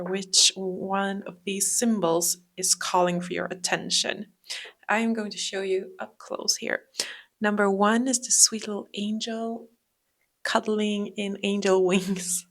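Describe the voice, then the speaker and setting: A woman giving a calm tarot reading, talking slowly and often dropping into a whisper. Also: medium pitch. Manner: slow, calm, drifting into whispers. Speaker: tarot reader. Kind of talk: soft-spoken tarot reading.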